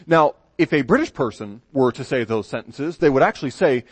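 A man's voice: medium pitch, animated, a little fast, hardly any pauses, slightly rough, dry recording. An American man preaching a sermon as pastor, in a conversational, folksy way with asides and restarts. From United States.

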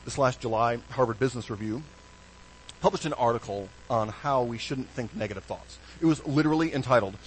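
A man preaching a sermon as pastor, animated, with hushed low stresses and sudden bright emphasis. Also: a little fast, a little hiss or hum, low-quality recording.

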